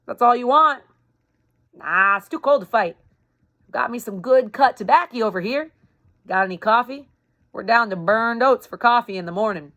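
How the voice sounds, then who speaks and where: A woman puts on a scrappy young Southern soldier, a boy calling across a river in a soft, low drawl. He sounds friendly and coaxing, his voice pitched up above the reader's own and lifted with a lively bounce. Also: moderate pace, pauses often. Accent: American Southern drawl. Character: young ragged male Confederate soldier, friendly.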